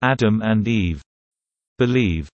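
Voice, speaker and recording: Man, deep-ish voice, very slow deliberate reading, dry close sound. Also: no echo, muffled recording. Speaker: teacher. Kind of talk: slow explanatory reading of word pairs.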